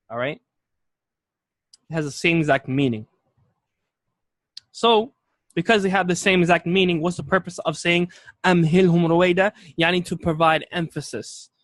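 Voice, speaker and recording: A man's voice: a little high, a bit bright, dry recording. A male teacher giving a classroom lecture, patient and explanatory, repeating key points and checking that students follow. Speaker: Arabic teacher.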